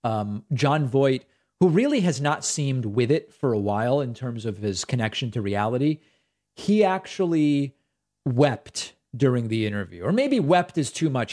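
A man's voice: mid-range voice, animated, moderate pace, darkish tone. A man hosting a political talk show, giving opinionated commentary in a sarcastic, conversational way with loose asides.

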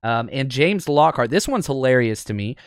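A man's voice: medium pitch, big pitch swings, normal speed, clear, resonant tone, dry recording, studio quality. A man hosting a sports podcast, talking casually and with enthusiasm, with lots of ums and uhs. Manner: chatty, enthusiastic, frequent fillers. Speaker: podcast host.

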